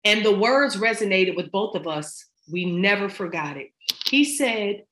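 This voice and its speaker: A woman's voice: mid-range voice, lively intonation, unhurried, a bit bright. A middle-aged woman talking as a podcast guest in casual chat, emphatic and slangy as she gives advice. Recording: roomy echo.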